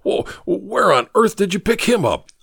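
A man voicing a teasing, excitable bachelor friend who jokes with the others. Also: on the high side, normal speed, no room sound, studio quality, pitched above the performer's own voice. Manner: teasing, exclamatory.

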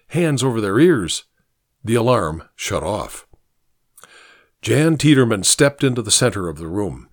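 A man's voice: medium pitch, no room sound, clean studio sound. A man narrating a story as an audiobook reader, lightly voicing the characters in the dialogue. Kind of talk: scripted narration.

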